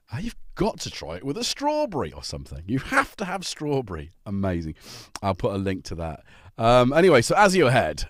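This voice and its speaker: A man's voice: fairly low pitch, no echo. A man hosting a casual livestream from his home music studio, rambling cheerfully and greeting viewers by name. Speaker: livestream host.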